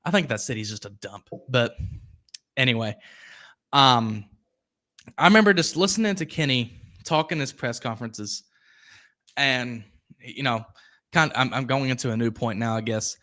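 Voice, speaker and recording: A young man hosts a live sports podcast in a loose, rambling way. He drifts into tangents and reads out viewer comments between his points. His voice is bright and carries well at a middling pitch. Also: animated, normal speed, long pauses. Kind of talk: casual live-stream commentary.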